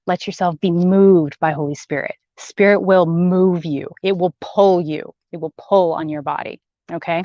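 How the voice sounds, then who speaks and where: A woman's voice: lowish voice, steady tone, normal speed, dry recording. A woman hosting a live spiritual broadcast, talking emphatically, repeating words and reading out viewer comments. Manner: chatty, warm-hearted, reads viewer comments aloud. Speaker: spiritual channeler and host. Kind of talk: live-streamed spiritual message. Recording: dull lo-fi stream audio.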